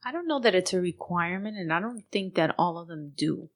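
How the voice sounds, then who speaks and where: A woman co-hosting a podcast, telling a story in casual chat, animated and mixing Spanish phrases into her English. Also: on the low side, fairly quick. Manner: animated, code-switching into Spanish, laughing while telling a story. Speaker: podcast co-host.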